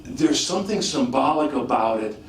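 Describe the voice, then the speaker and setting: A man's voice: medium pitch, normal speed. Preacher man in an echoey hall. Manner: animated, rhetorical questions, frequent restarts. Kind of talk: sermon teaching. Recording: echoey room, mic at a distance, faint background noise.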